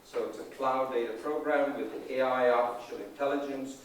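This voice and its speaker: A man giving an energetic, emphatic conference talk as a leadership trainer, often checking in with the audience. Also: mid-range voice, brisk, slight background noise. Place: large conference hall. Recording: distant, echoey hall recording.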